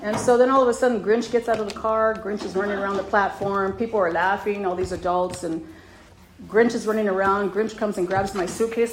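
A middle-aged woman sharing her personal testimony at a recovery meeting, with a voice of ordinary pitch for a woman. She tells her story with animated energy and slips into her own quoted reactions. Faint noise sits under her voice. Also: a little fast.

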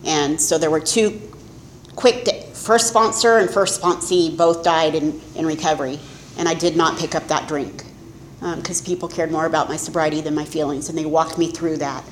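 A woman's voice: low voice, steady tone, normal speed, slight background noise. A middle-aged woman giving a candid, self-mocking personal testimony as a speaker at a recovery meeting. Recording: echoey room with faint ambience.

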